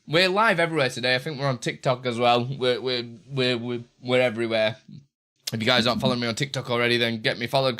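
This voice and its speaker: A man's voice: mid-range voice, sharp tone. A young man live-streaming, chatting casually with viewers while he tinkers with his setup, often tripping over and repeating his words.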